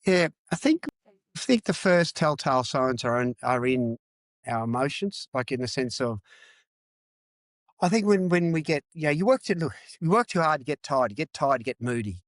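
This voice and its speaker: A man's voice: on the high side, very animated, normal speed, no room sound. Frank man in his fifties. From Australia. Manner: raw, frank, repeats words for emphasis. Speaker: guest, former rugby player. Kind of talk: candid personal storytelling.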